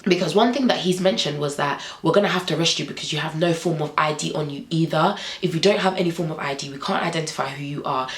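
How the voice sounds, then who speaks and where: A woman's voice: deep voice, a bit bright, reverberant, poor audio. A young woman vlogger telling a story animatedly, acting out the dialogue.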